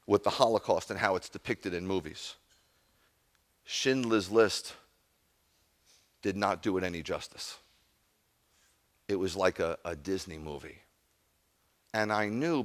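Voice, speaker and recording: Deep voiced rabbi guy preaching, emphatic, gets intense. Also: fairly bright tone. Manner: emphatic storytelling, rising intensity. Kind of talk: sermon.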